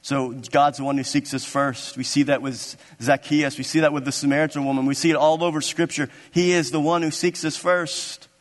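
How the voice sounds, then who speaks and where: A man pastor preaching a sermon in a church, animated and acting out scripture scenes. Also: fairly high pitch, a little fast, hardly any pauses. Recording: long reverb of a large hall.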